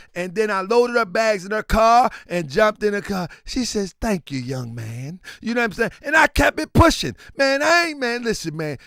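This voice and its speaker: A man hosting a show and giving a casual commentary monologue. He tells stories in an animated way and keeps saying "man". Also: sits high, creaky, no echo, clean studio sound. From Baltimore. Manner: animated storyteller, repeats "man" often. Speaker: show host.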